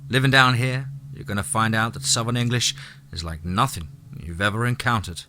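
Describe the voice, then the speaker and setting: A man voicing a teasing young woman from the South in an audiobook, raising his pitch for her. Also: fairly even intonation, brisk, bright, forceful tone.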